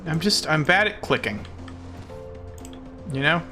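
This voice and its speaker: A man's voice: a little high, animated, a little slow, bright, forceful tone, faint music behind. A man streaming a game as a VTuber, chatting casually with his viewers in a playful, self-mocking, jokey way.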